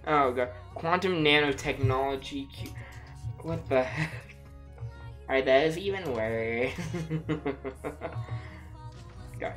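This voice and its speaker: A woman's voice: rumbling low, measured pace, pauses often, a bit bright, soft background music. A woman chatting casually on a gameplay livestream while feeling sick with a dry throat, giggling often and mocking herself. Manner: giggly, self-mocking, frequent laughter and exclamations.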